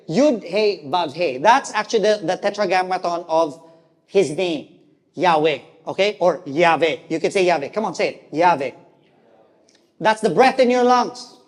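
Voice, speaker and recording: A man's voice: high voice, in a large hall. A male pastor with a Filipino accent preaching a sermon, mixing English and Tagalog and asking the congregation questions. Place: church hall.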